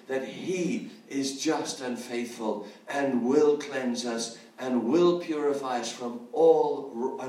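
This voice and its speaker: Male preacher, somewhat high voice, pleading sermon tone, recorded from back in a roomy space. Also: distant mic. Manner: earnest, pleading, leads prayers aloud. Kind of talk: evangelistic sermon. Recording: roomy, from off-mic.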